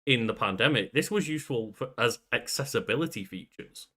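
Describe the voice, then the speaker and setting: A man's voice: medium pitch, animated, fairly quick, sharp tone. A man co-hosting a casual podcast, chatty, laughing often and swearing offhand. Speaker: podcast co-host. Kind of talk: casual chat.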